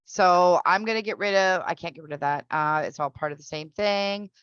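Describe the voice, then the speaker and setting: A woman teaching an English pronunciation class online. She explains patiently and repeats each example slowly. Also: on the low side, a bit bright, smooth, no room sound, highs cut off.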